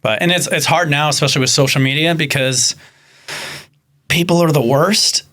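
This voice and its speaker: A man who works in animal rescue, a podcast guest, talking in casual chat and telling animated stories that act out the people he quotes. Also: fairly high pitch, normal speed.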